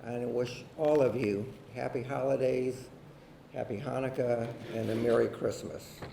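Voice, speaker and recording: A man giving measured, formal welcoming remarks as mayor at a ceremony. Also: medium pitch, steady tone, gravelly. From Ohio, United States. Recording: echoey room, distant mic, faint hiss.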